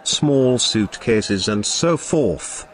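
A man voicing Grandolph, a grand, theatrical wizardly man who speaks in a slow, melodious old-fashioned way. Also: medium pitch, animated. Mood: reasoning.

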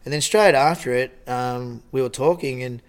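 A man's voice: mid-range voice, normal speed, smooth. Australian lifeguard man telling stories. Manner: rambling, animated retelling with mimicked dialogue. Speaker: lifeguard on a TV show. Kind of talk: casual storytelling interview.

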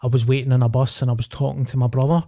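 A Scottish man talking on a podcast. He tells family stories bluntly, with plenty of swearing. His voice sits at a middle pitch and is recorded close and dry, with no room sound. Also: little pitch movement, rapid-fire, mellow, dry recording. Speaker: podcast co-host. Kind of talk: casual banter.

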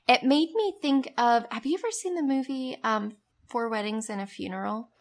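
A woman's voice: on the high side, normal speed. A young woman co-hosting a podcast in casual chat, playful and dryly teasing, drawing out words for emphasis. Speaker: podcast co-host.

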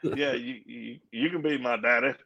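A man's voice: medium pitch, fairly even intonation, normal speed, vocal fry, sharp tone, breathy edge, muffled recording. A man giving his personal testimony as an interview guest, earnest and acting out the voices in his story. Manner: earnest storyteller, acts out quoted dialogue. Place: live event at a Christian coffee house.

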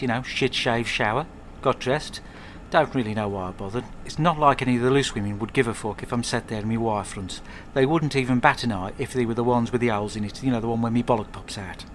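A man rambles through a comic monologue at home, swearing and keeping a deadpan tone. His pitch sits in an ordinary middle range. Faint ambient noise lingers behind him. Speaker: podcast host.

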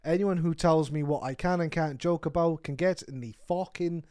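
A man's voice: on the high side, moderate pace, dark tone, dry recording. Dry-voiced guy in his twenties. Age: 20s. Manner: laughs often, rambling and self-mocking. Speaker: podcast co-host. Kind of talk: casual banter podcast.

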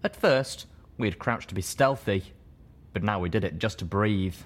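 In a fairly low voice, a man reads a first-person audiobook, steady and measured at an even pace.

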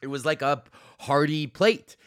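A man's voice: fairly high pitch, unhurried, a bit bright, dry recording, studio quality. A young man hosting his own podcast, rambling casually about his week, swearing a lot, laughing often and restarting his sentences. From Alberta, Canada. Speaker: comedian podcast host.

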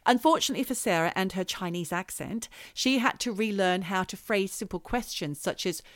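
Woman co-host, casual storyteller, dry close mic, mid-pitched, natural delivery. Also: fairly quick, a bit bright, dry recording. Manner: chatty, storytelling, trails off when unsure. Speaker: podcast co-host. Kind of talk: casual chat.

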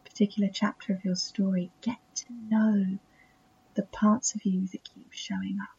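Woman podcast host, self-taught English accent, warm husky voice, soft and reflective, near-whispered asides, muffled sound. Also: mid-range voice, flat delivery, moderate pace, a little hiss or hum. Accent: self-taught English accent that drifts toward American. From England. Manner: soft and intimate, slipping into breathy near-whispers. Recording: dull, muffled recording.

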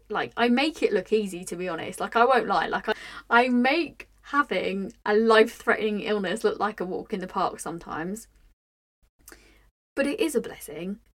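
Candid young woman podcaster. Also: medium pitch. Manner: candid, emotional, many "like" fillers and restarts. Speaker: podcast host. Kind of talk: personal reflective monologue.

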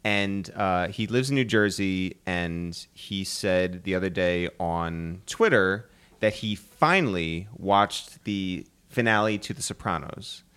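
A man's voice: deep voice, slow pace, fairly bright tone, smooth. A man hosting a podcast in casual chat, laughing a lot and telling a friend's story. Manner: laughs often, chatty interviewer. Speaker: podcast host.

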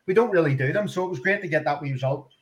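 A man's voice: a little high, very fast. Friendly Scottish man, podcast regular. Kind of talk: casual podcast chat.

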